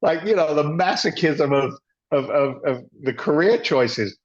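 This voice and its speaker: A blunt, middle-aged former firefighter turned real estate investor appears as a guest, telling stories in a slightly high, unhurried voice. He's animated and salty, acting out the dialogue conversationally, and the audio is dull lo-fi.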